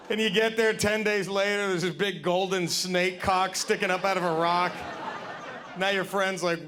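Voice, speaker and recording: Male stand-up comic, high voice, animated and loud, live club mic with noise behind. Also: normal speed. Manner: animated, shouting punchlines, acting out characters in high voices. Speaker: stand-up comedian. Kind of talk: stand-up comedy set. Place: comedy club stage with laughing audience. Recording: noisy live club recording.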